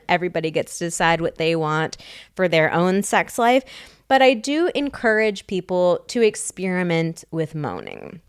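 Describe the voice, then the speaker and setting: Woman podcast co-host, sex therapist; candid, quick to laugh; smooth voice, dry close studio sound. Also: lowish voice, no echo. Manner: frank, laughs often, animated storytelling. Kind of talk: casual podcast chat and advice.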